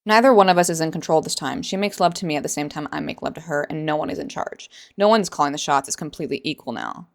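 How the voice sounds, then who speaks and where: A woman's voice: deep voice, fast, vocal fry, hardly any pauses. A woman reading a novel aloud, voicing a cocky, teasing young man with a put-on accent. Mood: smug.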